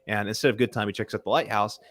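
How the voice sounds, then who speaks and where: A man's voice: fairly low pitch, rapid-fire. A man co-hosting a casual movie review chat, stumbling over his starts and jumping in with his own stories. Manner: animated, apologetic interrupter, stumbling starts. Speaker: podcast co-host.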